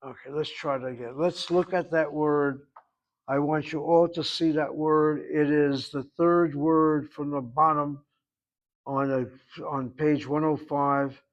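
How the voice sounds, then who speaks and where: A man with a somewhat high voice teaching a language class. He explains grammar patiently but wanders into side remarks, repeating words slowly for students to copy. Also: steady tone, lo-fi sound. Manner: explanatory, digressive, drills pronunciation. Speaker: Hebrew teacher.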